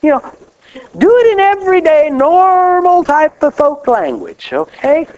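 A man preaching a sermon in a folksy, animated way, laughing often and rising on exclamations. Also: extremely high pitch, a little slow. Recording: dull lo-fi recording.

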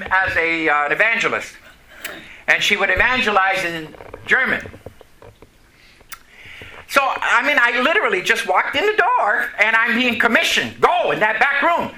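A man's voice: high voice, sing-song, normal speed, sharp tone. A man preaching a testimony to a congregation, telling a story and asking the audience questions. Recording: echoey room, faint noise.

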